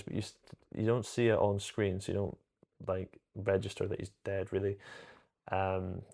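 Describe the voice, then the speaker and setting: A man's voice: on the low side, vocal fry, a little mellow. A man chatting casually and enthusiastically to camera about films, rambling and correcting himself as he goes. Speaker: film reviewer.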